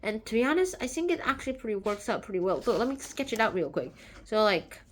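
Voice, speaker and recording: A woman's voice: on the high side, sing-song, fast. A woman hosting a book channel, casually retelling a short story in a chatty, rambling way with lots of fillers.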